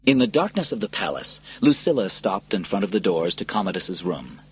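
A man narrating a scripted story in a dramatic, expressive reading style with a husky voice. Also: sits low, brisk.

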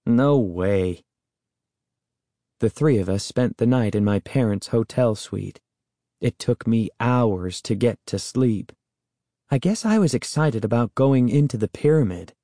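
A man reading a children's story aloud as narrator, in a steady storytelling manner. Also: mid-range voice, moderate pace, no room sound, clean studio sound. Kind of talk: audiobook reading.

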